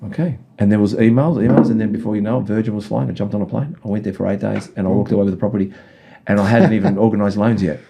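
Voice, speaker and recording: A man's voice: fairly low pitch, fairly even intonation, very fast, gravelly, heavy background noise. A man as a podcast guest, telling rambling stories and giving direct advice in a casual chat. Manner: acts out voices in anecdotes.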